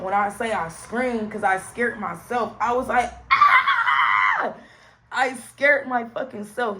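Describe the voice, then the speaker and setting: This is a storytime vlog from a young woman in the St. Louis area, USA, whose voice has a creaky, gravelly edge. Speaking straight to her viewers at a middle pitch, she tells a personal story with animated delivery and swears freely. The audio is poor, with faint noise beneath her voice.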